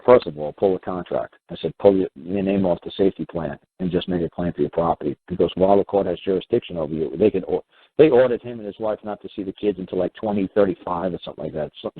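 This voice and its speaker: Fast, low-voiced male radio host, rambling and animated, over a dry, phone-thin line. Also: vocal fry, husky, no echo. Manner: animated, rambling, acts out both sides of exchanges, swears. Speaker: radio talk show host. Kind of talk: call-in radio advice talk. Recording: tinny phone-line sound.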